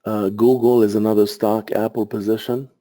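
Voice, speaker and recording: A man's voice: lowish voice, little pitch movement, normal speed, dark tone. A man hosting a live market webinar, searching for words as he goes through charts and answers viewer questions, sounding tired and out of breath. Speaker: market analyst host.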